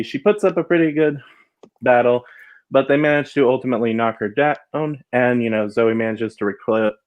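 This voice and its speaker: A man co-hosting a podcast, recapping an episode in a relaxed, steady way. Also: medium pitch. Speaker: podcast co-host.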